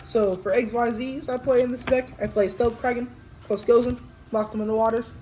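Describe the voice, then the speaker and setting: A woman casually explaining her card game deck, talking in a halting way with restarts and fillers. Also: a little high, steady tone, dark tone, slight background noise, rough recording. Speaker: tournament winner showing her deck.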